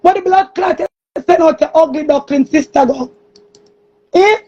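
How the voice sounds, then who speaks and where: A woman with a Jamaican accent in an angry, cursing monologue, often shouting. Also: very high-pitched, normal speed. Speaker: streamer. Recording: muffled lo-fi recording.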